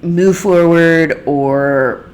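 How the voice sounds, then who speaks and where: A young adult woman hosting a solo talk, thinking aloud in an unhurried, searching way with many fillers and restarts. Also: sits low, darkish tone. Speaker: podcast host. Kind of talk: reflective solo monologue.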